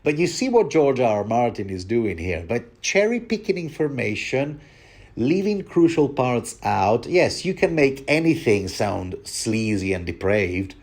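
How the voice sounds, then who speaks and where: A man's voice: medium pitch, sing-song, unhurried, darkish tone. A man hosting a rambling book commentary, talking digressively and addressing his listeners directly.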